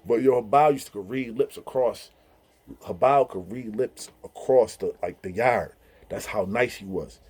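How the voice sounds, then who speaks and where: Speaking at a measured pace, this man has a lowish, slightly rough voice as he casually recounts humorous prison stories. He laughs, stays animated, and mimics others' voices whenever he quotes them.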